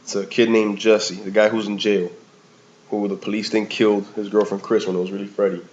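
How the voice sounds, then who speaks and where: A man's voice: on the low side, flat delivery, fairly quick, darkish tone. A man giving a casual, rambling movie review in slangy talk, often calling the listener "man" or "bro". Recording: slightly dull lo-fi recording.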